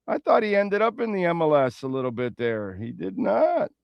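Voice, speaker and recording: A man's voice: a little high, sing-song, normal speed, gravelly, smooth, no echo, highs cut off. A man hosting a sports radio show in a casual, rambling way, with playful asides and betting talk. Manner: reads sponsor ads and betting lines.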